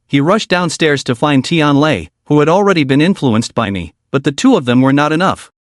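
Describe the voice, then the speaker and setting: A man narrating a comic story recap in a lively scripted storytelling delivery. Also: a little high, dry recording, clean studio sound.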